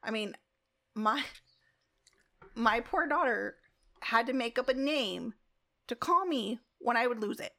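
A woman with a slightly raised pitch talks casually as a podcast guest. She tells stories about herself frankly and pokes fun at her own mistakes. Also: lively intonation, a little slow, creaky, pauses often, pushed and bright. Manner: frank, self-mocking storytelling. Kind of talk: casual conversation.

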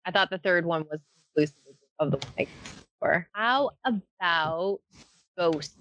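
A woman's voice: lowish voice, lively intonation, moderate pace, fairly bright tone, lo-fi sound. Chatty woman podcast co-host. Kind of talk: casual podcast chat.

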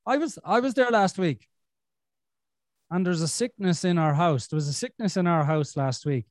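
A man's voice: sits high, normal speed, no echo, studio quality. A man hosting a podcast in casual chat, blunt and sweary with a self-deprecating streak. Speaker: podcast host.

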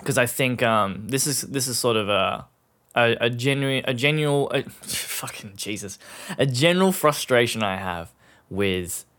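A man's voice: medium pitch, expressive, unhurried, fairly bright tone. A young Australian man hosting a solo podcast, rambling casually with plenty of swearing, fillers and laughs. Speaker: podcast host.

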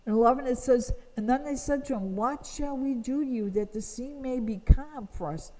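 A woman's voice: high-pitched, normal speed, a little mellow, big-room sound, low-quality recording. A woman teaching from the Bible, reading verses aloud and explaining them earnestly. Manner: reads scripture aloud, then explains it earnestly.

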